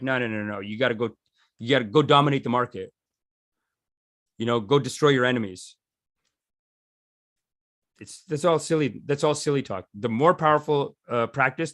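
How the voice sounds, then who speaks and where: A man's voice: mid-range voice, fairly bright tone, no echo, studio quality. A man teaching a meditation session in a loose, rambling, jokey way, often restarting his sentences. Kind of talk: casual teaching talk.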